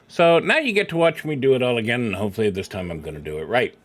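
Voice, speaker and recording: A middle-aged man gives casual live-stream commentary over a game, chatty and quick to poke fun at himself. His pitch sits in a middle range but swings widely up and down. He talks into a desk microphone at home. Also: lively intonation. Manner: chatty and self-deprecating, jumping up and down in pitch.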